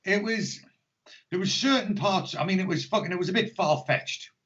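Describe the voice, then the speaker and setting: A man's voice: high-pitched, normal speed, a bit bright. An English man co-hosting a podcast, chatting casually and rambling with lots of swearing and jokes. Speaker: podcast co-host. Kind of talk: casual chat. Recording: dull lo-fi podcast audio.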